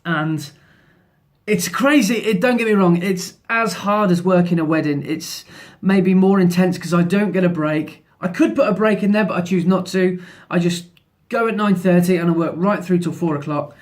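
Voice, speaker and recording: A photographer in his thirties vlogs to camera at a moderate pace, his fairly high voice upbeat and a bit rambling. He keeps restarting sentences as he talks about his photography work, first outdoors by the sea and then in town.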